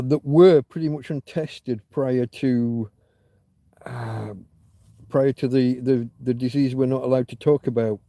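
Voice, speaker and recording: A man's voice: medium pitch, dark tone, dry recording. A man hosting a casual livestream chat, telling a long story with many restarts and fillers, candid and swearing now and then. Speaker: livestream host.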